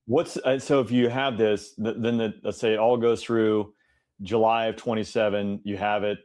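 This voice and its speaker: A man with a lowish voice acts as interviewer in a relaxed conversation. He asks brief, prompting questions and often hesitates with fillers. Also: moderate pace.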